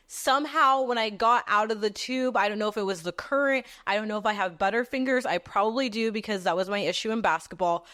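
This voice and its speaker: A woman in her twenties hosting a podcast, telling personal stories in a candid, profane, animated way. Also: mid-range voice, fast, few pauses. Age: 20s. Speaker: podcast host. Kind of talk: casual storytelling monologue.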